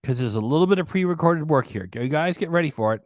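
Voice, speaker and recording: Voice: mid-range voice, expressive, quick pace, a little mellow, no room sound. Chatty livestream host with a dry sound. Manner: chatty, thanking viewers by name. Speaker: livestream host reading viewer comments. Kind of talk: casual livestream chat.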